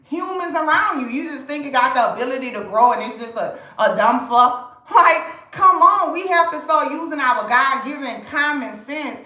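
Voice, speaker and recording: Brash high-voiced woman ranting on a livestream. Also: animated, normal speed, hardly any pauses, pushed and bright, roomy sound, low-quality recording. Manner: blunt, profane, laughing, rhetorical questions. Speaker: livestream host. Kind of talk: casual livestream rant.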